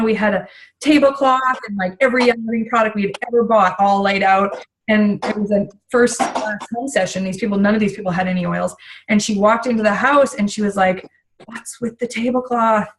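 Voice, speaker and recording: A middle-aged woman talks casually to a group she is training. She is chatty and full of asides, and her voice sits at an ordinary pitch for a woman. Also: fairly even intonation, a little fast, slight background noise, low-quality recording. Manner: chatty, many fillers and asides. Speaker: essential oils business trainer.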